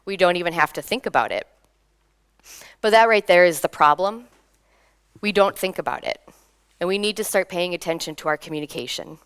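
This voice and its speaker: A young woman from Minnesota giving a lively conference talk, laughing between points and drawing in the audience. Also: fairly low pitch, brisk, pauses often, smooth. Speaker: conference speaker. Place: conference hall.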